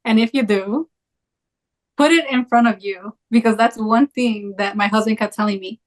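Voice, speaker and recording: A young woman in casual conversation, telling a travel story in a chatty, animated way with lots of fillers. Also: a little high, moderate pace. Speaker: travel creator.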